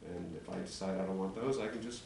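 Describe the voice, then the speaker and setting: A man's voice: low-pitched, fast, gravelly, darkish tone. Echoey older man arguing a legal case. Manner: argumentative, building a legal case. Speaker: attorney addressing town commission. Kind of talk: formal presentation at a public meeting. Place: town commission meeting chamber. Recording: echoey chamber, distant mic, faint hum.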